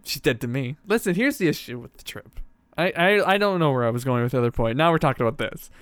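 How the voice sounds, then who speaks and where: A co-host from Minnesota in casual podcast chat, bantering loudly and swearing a lot. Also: medium pitch, lively intonation, fast talker. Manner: loud, profane banter.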